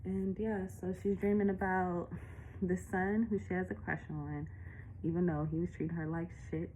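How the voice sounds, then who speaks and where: A woman's voice: on the low side, level tone, moderate pace, dark tone, highs cut off, slight background noise. A woman illustrator walking through her picture book in a casual, chatty way, out of breath and laughing often.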